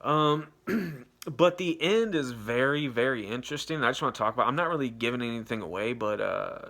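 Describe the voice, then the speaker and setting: A young man talks loosely about a film he just watched, peppering it with curses and fillers. His voice sits at an ordinary middle pitch. It sounds like an offhand vlog review. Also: lively intonation, fairly quick, gravelly, sharp tone. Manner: rambling, profane, loose and unscripted. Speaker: movie reviewer. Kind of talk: casual spoken movie review.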